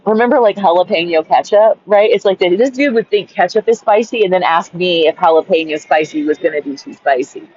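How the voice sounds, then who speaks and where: This woman talks fairly quickly with a fairly low, slightly mellow voice, barely pausing as she vents. The vlogger is in her car by a busy street giving an exasperated, swear-filled journal-style rant, often tossing in "right?", and the audio is dull and lo-fi.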